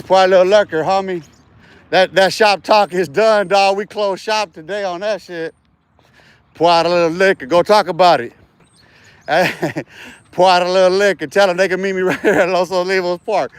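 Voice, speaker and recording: Man, slightly high-pitched, outdoor livestream, street slang, boastful, profane. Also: smooth, no echo. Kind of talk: casual livestream chat. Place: outdoors in a park.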